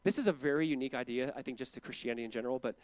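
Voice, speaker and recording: A young man preaching a casual, conversational sermon, earnest and quick to act out quotes in lively voices. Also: mid-range voice, no room sound. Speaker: pastor.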